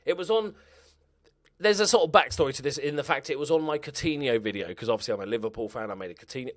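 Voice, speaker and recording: A man talking his way through a football management game in a loose, chatty tone. His voice is dry and close, with no room echo, and it sits at a middling pitch. He jumps up when something happens on the pitch. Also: quick pace. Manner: chatty, reacts loudly to match events, laughs at own jokes. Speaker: gaming YouTuber. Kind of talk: casual game commentary.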